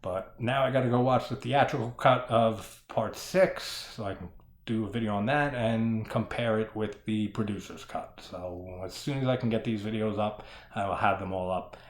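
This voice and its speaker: A fairly low-pitched man talks at normal speed through a solo horror-film discussion, casual and ranting. There's lots of profanity and frequent laughter, and the room sounds echoey.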